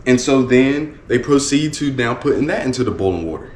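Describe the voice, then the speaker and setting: A man's voice: mid-range voice, animated, fairly quick, few pauses, a little mellow, a little hiss or hum. A man working as a motivational speaker, telling a story in an earnest, repetitive way with many restarts. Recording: roomy echo with faint ambience.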